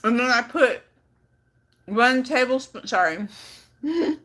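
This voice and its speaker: Bright-voiced woman chatting on a live stream. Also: on the high side, animated, slow pace. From California, Bay Area. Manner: chatty, playful, reads comments aloud. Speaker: vlogger on a livestream. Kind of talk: casual live-stream chat.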